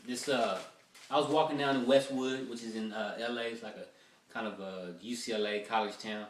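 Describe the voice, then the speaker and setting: A man running through rough-draft stand-up jokes, telling long profane stories with lots of fillers and restarts. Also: medium pitch, steady tone, moderate pace, roomy sound, distant mic, slight background noise. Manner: profane, rambling storytelling with many fillers. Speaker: stand-up comedian.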